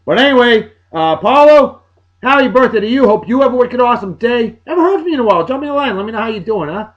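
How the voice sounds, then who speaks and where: Lively high-voiced New man. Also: quick pace, muffled recording. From Massachusetts, USA. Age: 40s. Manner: chatty, playful asides, upbeat. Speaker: video show host. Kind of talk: casual birthday shout-outs.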